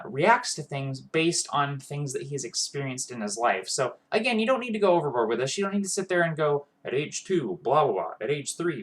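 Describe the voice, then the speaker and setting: A man's voice: medium pitch, fairly bright tone. A man gives casual tips on tabletop role-playing. He speaks earnestly and loosely, with frequent fillers and restarts. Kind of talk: casual advice monologue.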